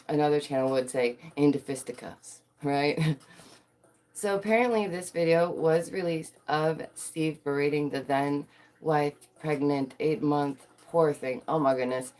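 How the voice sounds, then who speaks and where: Woman, casual chat to viewers, playful, giggly, lowish pitch. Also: a little mellow. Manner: dramatic, puts on voices for quotes. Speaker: vlogger.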